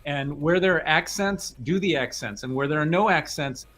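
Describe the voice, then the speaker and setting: A man judging a music competition, giving animated spoken feedback to a young player. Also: a little high, moderate pace, slight background noise. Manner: animated, sings phrases aloud to illustrate. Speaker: competition judge.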